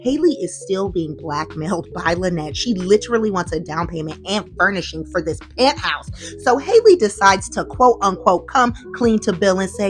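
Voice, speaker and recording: A woman recapping a daytime soap in a casual, gossipy vlog, full of excited asides. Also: medium pitch, moderate pace, faint music behind. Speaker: soap opera recap host.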